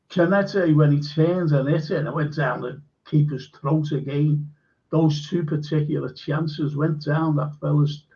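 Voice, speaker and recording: Gravelly-voiced man hosting a live stream. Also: fairly high pitch, dull audio. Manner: emphatic, blunt verdicts with fillers. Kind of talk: casual football chat.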